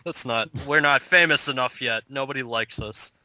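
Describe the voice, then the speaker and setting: A man's voice: mid-range voice, normal speed, sharp tone, no echo, rough recording. A man co-hosting a casual podcast, joking and laughing often, with a mocking streak. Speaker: podcast co-host. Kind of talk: profane casual chat.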